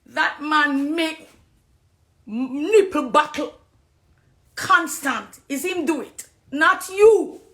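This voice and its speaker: A middle-aged Jamaican woman giving an impassioned personal testimony on a live stream, preachy, swinging between hushed confiding and loud accusing. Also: high-pitched, takes it slowly, pauses often, echoey room. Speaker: dancehall artist on a live stream.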